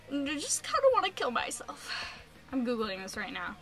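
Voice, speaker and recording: A young adult woman vlogging a casual rant, animated and exasperated, peppering her speech with "like.". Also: fairly high pitch, a little fast.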